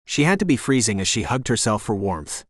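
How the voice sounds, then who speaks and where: Steady male audiobook narrator, dry close sound. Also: fairly low pitch, brisk, no echo. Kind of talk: scripted narration.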